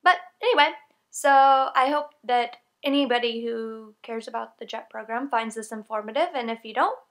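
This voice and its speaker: A woman's voice: a little high, normal speed, fairly bright tone. A young woman from North Carolina with a light Southern US accent, chatting casually and rambling a little about her work as an English teacher. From North Carolina, USA. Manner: chatty and rambling, many fillers and self-corrections. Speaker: English teacher on exchange program. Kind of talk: casual vlog talk.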